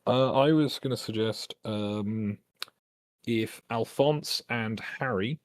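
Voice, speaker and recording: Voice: medium pitch, slow pace, a little mellow, dry recording. A tabletop game player chatting casually, with dry, joking asides.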